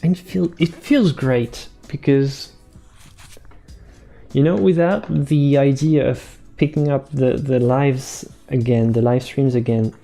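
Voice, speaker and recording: Male painter host, relaxed live-stream chat, mellow gravelly voice, unhurried delivery, faint music underneath. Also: medium pitch. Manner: soft-spoken, slow, repeats words while painting.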